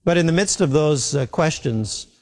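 A man's voice: a little high, animated, moderate pace, darkish tone, big-room sound. A man preaching a sermon in an earnest way, repeating his key phrases for emphasis.

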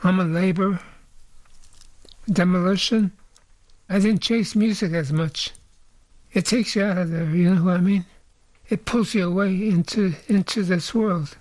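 An older man answering interview questions in a slow, hesitant way, with few words. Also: sits high, steady tone, darkish tone, no room sound. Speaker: musician interviewee.

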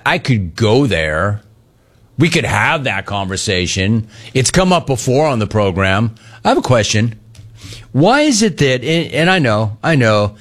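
A man's voice: medium pitch, fairly bright tone. A middle-aged man hosting a sports talk radio show, riffing sarcastically on callers and the news.

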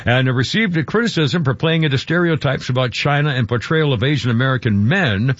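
A man's voice: mid-range voice, lively intonation, a little fast, no echo. A man hosting a radio talk show, rambling and chuckling through casual chat. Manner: rambling, chuckling, self-interrupting. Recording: dull radio broadcast sound.

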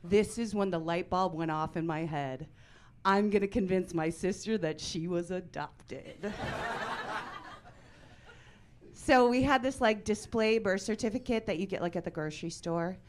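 A woman's voice: on the low side, normal speed. A woman in her forties doing stand-up comedy in a brassy, punchy, self-deprecating way. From Italian-American.

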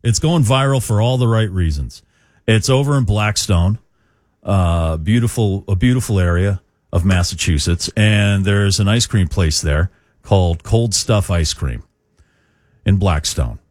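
Chatty low-voiced New radio host. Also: male voice, a little slow, a little mellow, dry recording, studio quality. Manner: chatty, rambling, opinionated, frequent fillers. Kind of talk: radio talk. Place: radio studio. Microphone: studio microphone.

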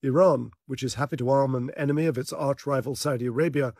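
Casting note: male correspondent, mid-pitched, measured scripted narration, dry studio sound. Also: a little mellow, no room sound. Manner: measured, authoritative delivery. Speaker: security correspondent. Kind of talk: scripted news report narration.

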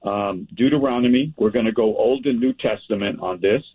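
A man's voice: on the low side, normal speed, husky. A pastor teaching a men's group from the Bible, reading verses aloud and asking and answering his own questions. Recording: tinny phone-like sound.

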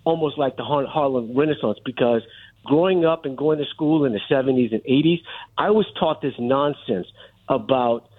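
A man's voice: medium pitch, normal speed, breathy edge. A middle-aged man calling in to a radio talk show, making his argument insistently and holding the floor. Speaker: caller. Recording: tinny phone line.

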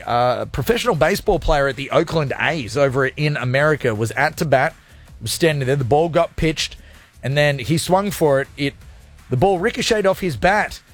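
A male radio host chatting on air in a playful, jokey, rambling way from a studio. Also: on the high side. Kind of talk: energetic radio show chat.

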